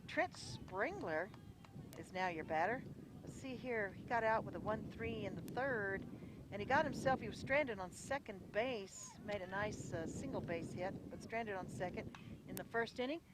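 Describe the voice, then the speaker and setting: A radio play-by-play announcer calling a live high school baseball game outdoors, chatty and folksy, often unsure of details and correcting themselves. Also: expressive, moderate pace, very noisy. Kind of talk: live radio sports commentary.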